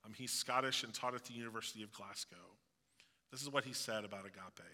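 A man's voice: fairly low pitch, quick pace, pushed and bright, long reverb tail. A male pastor giving a sermon, earnest and preaching, with jokey asides.

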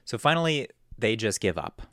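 A man's voice: fairly low pitch, sing-song, moderate pace, fairly bright tone, no room sound, clean studio sound. A young man hosting a podcast, rambling through a story and acting out quotes in a raised voice. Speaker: podcast host. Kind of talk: casual storytelling.

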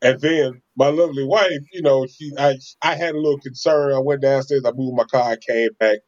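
A man, a podcast co-host, tells a story in casual chat, animated and laughing often, acting out quotes. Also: medium pitch, brisk. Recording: slightly dull lo-fi sound.

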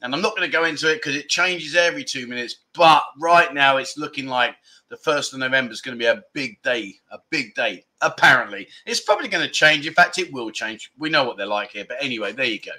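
A man hosting a casual livestream, chatty and quick to laugh as he greets viewers and rambles through stories. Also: mid-range voice, sharp tone. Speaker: livestream host.

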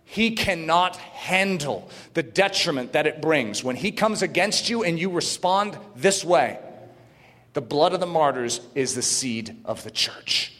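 A man preaching a sermon to a congregation, reading quotes aloud and joking, then rising to shouted, fervent preaching. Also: on the high side, a little slow. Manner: builds from calm teaching to shouted preaching. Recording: long hall reverb.

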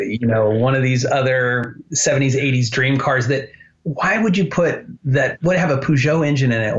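Male guest, chatty storyteller, muffled lo-fi audio, mid pitch. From United States. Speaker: guest, animator. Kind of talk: podcast interview.

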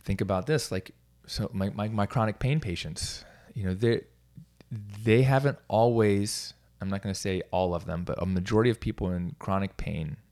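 A man's voice: lowish voice, normal speed, a little mellow. A middle-aged man, a coach, talking casually on his own, rambling with restarts and small self-amused laughs. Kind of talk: casual solo talk.

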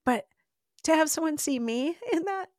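Animated woman sharing a faith story. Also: high voice, normal speed, no echo, studio quality. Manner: animated storytelling, laughs often; emotional, heartfelt. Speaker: podcast guest; adoptive mother. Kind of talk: personal faith testimony.

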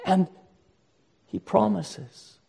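Earnest preaching pastor, mellow tone. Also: male voice, high voice, extremely slow, vocal fry, slightly rough. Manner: earnest preaching, rising to impassioned emphasis. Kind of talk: sermon.

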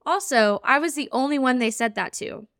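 A woman hosts a podcast and tells a personal story as a spiritual practitioner. Her voice sits a little high, bright and smooth, and she tells it in an earnest, animated way, acting out each remembered conversation. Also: moderate pace, no room sound, clean studio sound.

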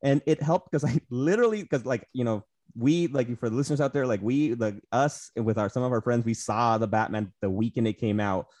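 A man's voice: mid-range voice, fairly quick, darkish tone, no echo. A man co-hosting a casual podcast, rambling with lots of fillers and swearing. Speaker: podcast co-host. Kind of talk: casual movie discussion.

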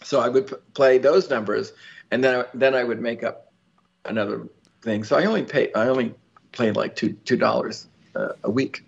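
A man tells a long story as an interview guest, rambling and chatty, with frequent ums and restarts. His voice has a gravelly, creaky edge. The recording sounds somewhat dull and lo-fi. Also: medium pitch, steady tone, normal speed. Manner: laughs easily. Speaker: lottery winner guest.

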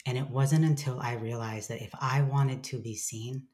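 A woman's voice: very deep voice, fairly even intonation, normal speed, darkish tone. A woman speaking as a guest in a candid, reflective conversation, swearing casually and acting out her own inner voice.

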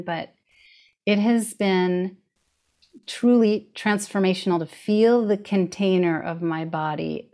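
Thoughtful woman with a low voice. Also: darkish tone. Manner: thoughtful, laughs easily. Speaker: guest. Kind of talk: casual conversation.

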